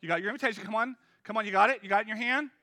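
High-voiced, bright male preacher. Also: racing, no echo, clean studio sound. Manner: energetic, conversational preaching that urges the crowd on. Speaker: pastor. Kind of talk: sermon.

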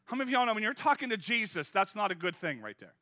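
A man preaching an energetic, conversational sermon and urging his listeners on. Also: high-pitched, quick pace, no room sound. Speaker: pastor.

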